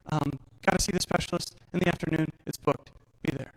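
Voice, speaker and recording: Male speaker, 30ish, fairly high voice, frank personal story with acted-out dialogue, self-mocking humor. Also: steady tone, fast, hardly any pauses, poor audio. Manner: candid, self-deprecating, acts out dialogue. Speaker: speaker telling his survival story. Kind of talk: personal storytelling talk on stage.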